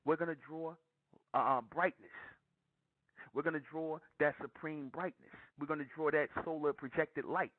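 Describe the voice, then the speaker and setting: A man preaches in a fairly high voice, pressing his points and repeating lines for weight. The sound is dry and thin, like a phone line. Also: steady tone, normal speed, no echo. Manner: emphatic, repeats lines for stress. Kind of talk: preaching monologue. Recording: dry tinny phone-like audio.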